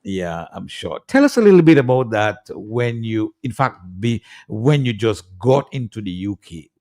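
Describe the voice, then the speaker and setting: A man's voice: on the low side, big pitch swings, normal speed, dark tone. A man hosting a radio interview, asking questions with many hesitant "um" and "uh" fillers. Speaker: radio show host. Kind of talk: interviewing a guest.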